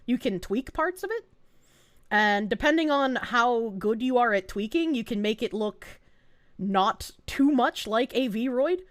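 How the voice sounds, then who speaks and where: A young woman with a Boston accent chats on a live stream in a high, bright voice. She is animated and quick to laugh, swearing freely as she answers chat. The sound is close and dry, with no room around it. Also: dry recording. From Boston, USA. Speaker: VTuber streamer.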